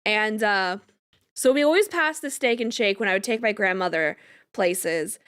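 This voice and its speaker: A woman's voice: mid-range voice, moderate pace, smooth, no room sound, studio quality. A young woman streamer telling a rambling story in casual chat, full of "like" fillers. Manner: rambling, animated, lots of "like" fillers, laughs while telling. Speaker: game streamer.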